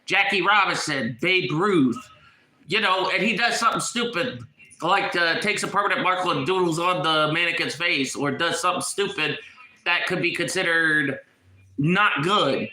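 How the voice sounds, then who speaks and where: A man's voice: fairly high pitch, normal speed, sharp tone, roomy sound, rough recording. A man with a stuffed-up nose from illness, ranting in a casual vlog, agitated and often repeating and restarting his words. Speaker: YouTuber.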